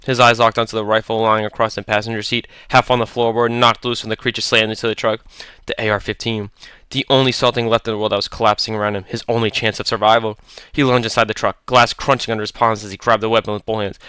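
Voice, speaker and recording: A man's voice: lowish voice, flat delivery, fast talker, bright, forceful tone, clean tone, no echo. A man narrating a horror story in a tense, clipped, dramatic way.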